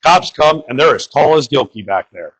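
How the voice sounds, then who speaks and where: A man's voice: mid-range voice, expressive, moderate pace, fairly bright tone, slightly rough, rough recording. A young man from the Bronx doing crude, rambling open-mic stand-up and talking to the crowd. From New York (the Bronx). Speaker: stand-up comedian.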